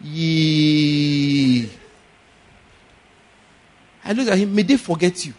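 A man preaching a sermon, telling stories with animated swings between loud exclaims and quieter asides. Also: high-pitched, very fast, husky. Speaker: pastor.

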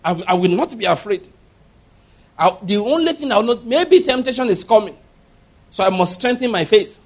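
A man with a high voice preaching a sermon. He tells stories animatedly, acting out laughter and voices. He speaks emphatically, putting questions straight to the listeners. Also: animated, normal speed. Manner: emphatic, addresses congregation directly.

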